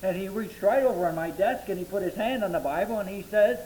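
High-voiced man preaching a measured sermon. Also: mellow, a little hiss or hum, low-quality recording. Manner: measured Bible exposition, slowing to stress key words. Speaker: pastor.

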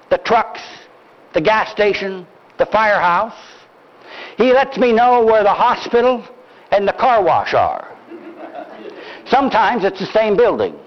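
An older man preaching a sermon, telling a story in an animated, deliberate way, heard on a dull lo-fi recording. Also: sits high. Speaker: pastor.

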